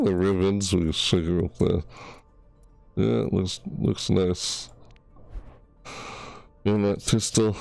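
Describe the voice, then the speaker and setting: A man's voice: deep voice, fairly even intonation, slow pace, gravelly, pauses often, darkish tone, no echo, faint music behind. A man hosting a gaming channel and showing off new items in casual commentary. He gushes, gasps and yelps at what he sees, and stumbles over names. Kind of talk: casual game showcase commentary.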